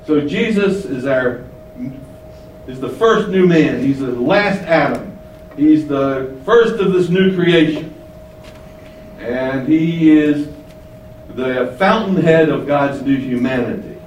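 A man preaching a Bible teaching sermon, swinging between emphatic rises and quiet low asides. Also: expressive, slow pace, a little hiss or hum. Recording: echoey room, voice from a distance.

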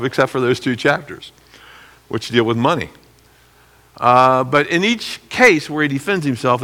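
A middle-aged man teaching from the Bible as a pastor, animated, acting out quotes and clearing his throat now and then. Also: mid-range voice, big-room sound.

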